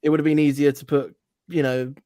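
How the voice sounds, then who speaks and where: A man appearing as a guest on a casual livestream, speaking in a relaxed, thoughtful way with many pauses and fillers. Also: fairly high pitch, no room sound, clean studio sound.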